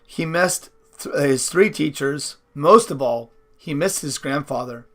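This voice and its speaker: A man's voice: a little high, a little slow, fairly bright tone. A man reading a novel aloud in an unpolished way, with slips and restarts. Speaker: audiobook reader.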